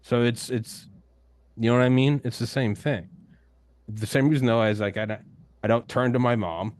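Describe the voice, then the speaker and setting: In a dry recording, a young man who hosts a podcast joins a casual roundtable as a guest, talking with blunt emphasis and frequent swearing. His voice sits mid-range, slightly mellow, with fairly even intonation at normal speed.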